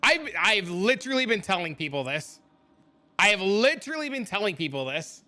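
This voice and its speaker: A man's voice: high-pitched, sing-song, moderate pace, sharp tone. A man streaming a game and chatting casually with viewers, blunt, profane and rambling. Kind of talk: casual live-stream chat.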